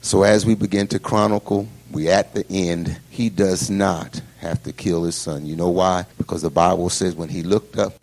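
A middle-aged man pastor preaching a sermon in a lively, folksy storytelling style. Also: sits low, creaky.

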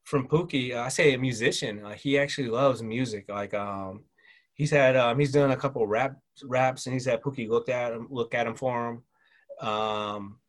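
A man in his thirties from the American South, a military father talking as a guest in a relaxed chat. He talks loosely with lots of fillers and livens up when quoting people. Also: medium pitch, moderate pace. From Southern United States. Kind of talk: casual conversational storytelling.

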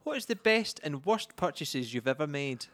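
A man's voice: fairly high pitch, very animated, moderate pace, a bit bright, dry recording. A man hosting a casual podcast chat, rambling and often breaking off mid-sentence. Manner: rambling, self-interrupting. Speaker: podcast host.

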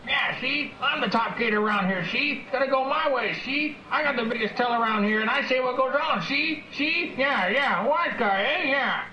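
A tiny purple gator puppet squeaks out silly impressions in a very high, bright, drawn-out voice. The sound is a dull, lo-fi homemade camcorder track in an echoey room, picked up from a distance with faint hiss behind it. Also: male voice, heavily acted. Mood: brash. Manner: squeaky, slow, goofy accents. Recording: echoey lo-fi camcorder audio from afar.

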